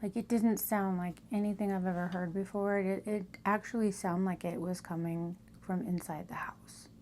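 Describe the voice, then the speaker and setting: A woman telling a personal story in a casual storytelling style, often dropping to a hushed whisper for suspense. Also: mid-range voice, steady tone, normal speed, a little hiss or hum. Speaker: storytime vlogger.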